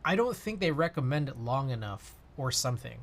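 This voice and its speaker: A man's voice: medium pitch, sing-song, a little fast. A man chatting casually on his livestream, rambling with lots of fillers and answering chat. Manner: rambling, many fillers, reads chat aloud.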